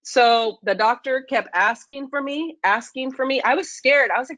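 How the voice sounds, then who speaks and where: Woman, animated storyteller, higher voice, dry close sound, video call. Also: moderate pace, hardly any pauses, no room sound, poor audio. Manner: animated, acts out her own and others' lines. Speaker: featured speaker.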